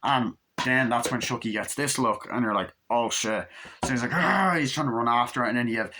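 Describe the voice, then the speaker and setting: A man giving an excitable, casual movie recap, swearing a lot and acting out scenes as he goes. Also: mid-range voice, fast talker, a little hiss or hum. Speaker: movie reviewer.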